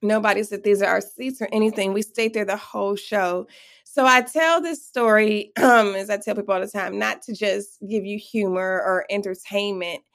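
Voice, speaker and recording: A middle-aged woman telling a lively personal story as an interview guest, acting out the voices she quotes. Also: medium pitch, moderate pace, creaky. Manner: animated, acts out quoted voices.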